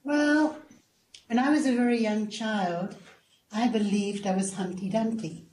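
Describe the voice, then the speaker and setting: Older South African woman, 70s, calm storyteller, mellow tone, echoey room. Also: medium pitch, unhurried. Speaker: guest. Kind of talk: casual interview chat.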